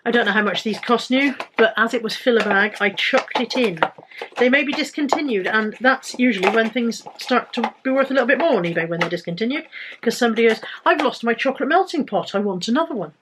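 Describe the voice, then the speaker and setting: A woman's voice: a little high, fairly quick, noisy background. A British woman vlogging casually about items she bought to resell, chatty and rambling with self-corrections. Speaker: resale vlogger. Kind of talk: casual haul vlog.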